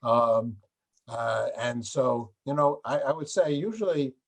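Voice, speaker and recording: Older male host with a husky voice. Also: medium pitch, lively intonation, takes it slowly. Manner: rambling, many restarts, laughs while talking. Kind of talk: casual interview talk.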